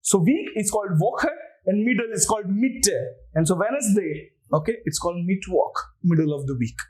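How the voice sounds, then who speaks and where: A man's voice: sits high, animated, moderate pace, a little mellow. A man with an Indian English accent, teaching an online language lecture and patiently spelling words out letter by letter.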